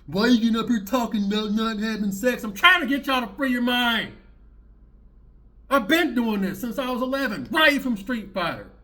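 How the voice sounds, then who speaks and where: An extremely high-pitched, bright, forceful voice comes from a man hosting his own channel, speaking expressively at normal speed. Reacting to clips, he delivers preachy, rambling commentary that repeats and circles back on itself.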